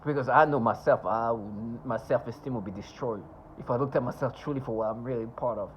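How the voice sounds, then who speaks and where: A man's voice: mid-range voice, a little hiss or hum. Scornful man ranting, dull lo-fi sound. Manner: scornful, insulting, sarcastic; halting, with many restarts and asides. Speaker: vlogger. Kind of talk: rambling personal monologue.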